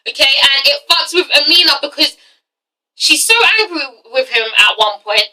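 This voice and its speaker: A woman's voice: sits high, expressive, normal speed, pushed and bright, recorded from a distance, rough recording. A young woman reviewing a TV show, blunt and profane with exasperated asides. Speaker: TV review vlogger. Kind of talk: casual ranting review.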